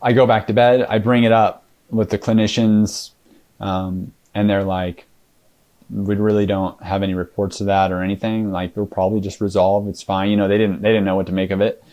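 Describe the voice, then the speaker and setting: A man's voice: fairly low pitch, flat delivery, normal speed, darkish tone. A man guest in an interview, telling his story in a casual, rambling way with many fillers and restarts.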